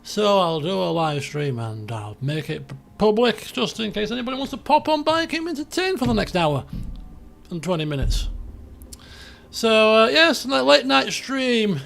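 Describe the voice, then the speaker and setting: A man's voice: high voice, sing-song, normal speed, creaky. A man streaming a racing management game, chatting casually in a rambling, self-deprecating way. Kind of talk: casual live-stream commentary.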